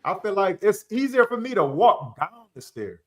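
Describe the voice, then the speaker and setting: A man's voice: high voice, moderate pace. A man on a podcast, telling casual, slangy stories and acting out the voices in them. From Chicago area. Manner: animated, slangy, acts out voices in his stories. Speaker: podcast guest. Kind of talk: casual storytelling chat.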